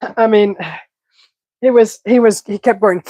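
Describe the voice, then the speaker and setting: A woman's voice: fairly high pitch, fairly even intonation, a little slow, dark tone, dry recording, low-quality recording. A woman hosting a casual live cooking stream, sniffling from a stuffy head cold and chatting with viewers as she cooks. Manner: chatty, reads viewer comments aloud while cooking. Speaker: cooking livestream host.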